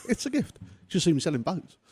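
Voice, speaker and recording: Brief: male radio regular, rapid-fire joking delivery, slightly high pitch. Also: sing-song, breathy edge. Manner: fast-talking, joking. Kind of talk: casual radio banter.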